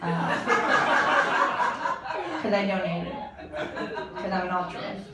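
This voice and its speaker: A young woman performing a stand-up comedy set on stage, deadpan with frequent laughs. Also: on the low side, takes it slowly, very noisy. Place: comedy stage with live audience. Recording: echoey live room from far off.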